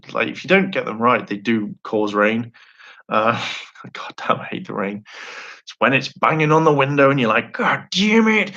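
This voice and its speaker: A man's voice: fairly low pitch, bright, forceful tone, muffled recording. A young man chatting casually on a live stream, rambling and enthusiastic, laughing often and acting out quotes.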